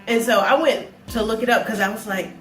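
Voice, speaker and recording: A woman's voice: fairly high pitch, fairly even intonation, brisk, a bit bright, slight background noise. A woman in her forties chatting casually as a travel vlogger, rambling with many fillers. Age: 40s. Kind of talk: casual chat. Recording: echoey room, mic far off, faint music.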